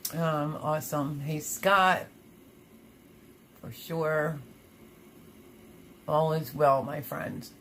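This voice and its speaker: A woman's voice: low voice, lively intonation, drawn-out words, long pauses, a bit bright, a little hiss or hum. A woman hosting a casual gardening livestream, chatting and reading viewer comments aloud, laughing often. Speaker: livestream host.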